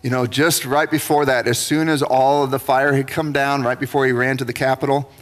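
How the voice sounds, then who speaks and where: A man preaching a sermon, telling the story with lively, acted-out voices for the figures. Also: mid-range voice, brisk. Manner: animated storytelling, acting out biblical figures. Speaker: pastor. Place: church sanctuary. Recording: reverberant church livestream.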